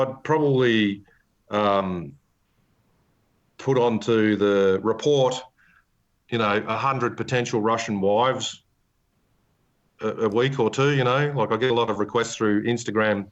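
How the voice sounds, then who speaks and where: A man hosting a casual podcast chat, laughing often and swearing easily. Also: lowish voice. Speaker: podcast host. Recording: dull lo-fi podcast recording.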